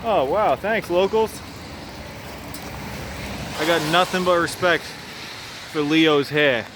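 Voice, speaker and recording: A man's voice: on the high side, takes it slowly, background noise. A man with a Boston accent, vlogging on a handheld camera as he walks a snowy city street, rambling in profane, joking street talk. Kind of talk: casual vlog commentary.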